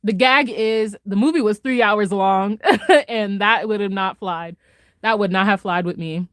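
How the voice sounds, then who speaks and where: Laughing frequently, a female vlogger chats casually through a reaction, effusive and excited, her volume rising high then dropping to murmurs. She speaks at a measured pace in clean studio sound without echo.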